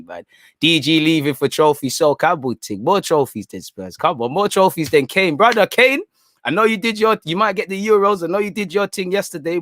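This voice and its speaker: A man's voice: medium pitch, no room sound, clean studio sound. A man hosting a football channel, chatting casually on a livestream in a rambling, slang-heavy way. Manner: rambling, slangy, peppers talk with "man" and "bro".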